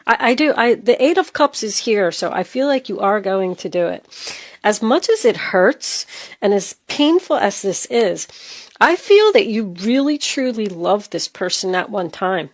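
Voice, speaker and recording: A woman's voice: mid-range voice, sing-song, a little slow. A woman giving a tarot reading, talking straight to the listener with emphatic, earnest delivery. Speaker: tarot reader.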